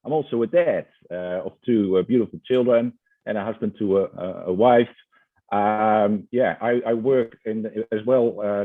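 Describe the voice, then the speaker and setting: A man's voice: fairly low pitch, no echo. A man with a Dutch accent, a guest author chatting hesitantly in an interview with many fillers and restarts. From Netherlands. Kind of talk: casual interview chat. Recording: tinny phone-like line.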